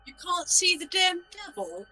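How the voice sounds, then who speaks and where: Bright-voiced playful woman player. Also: very high-pitched, sing-song, soft background music. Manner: playful and quick to laugh. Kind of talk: casual tabletop play.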